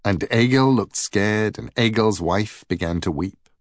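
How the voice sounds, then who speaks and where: A man narrating a myth as a storybook reading in an unhurried, expressive way. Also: fairly low pitch, no echo, clean studio sound.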